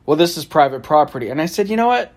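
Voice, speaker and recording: A man's voice: fairly high pitch, fast talker. A man telling a story from his travels in a casual, wry way, often laughing and acting out the back-and-forth. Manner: laughs often, animated storytelling with quoted exchanges; sarcastic, wry.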